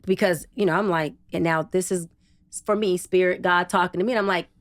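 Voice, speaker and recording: A woman guest on a podcast, a psychologist and TV producer, telling a personal story in a casual, expressive way with slang. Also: a little fast, dry recording, studio quality. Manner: expressive, casual and slangy, acts out quotes with big pitch jumps. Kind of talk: animated personal storytelling in an interview.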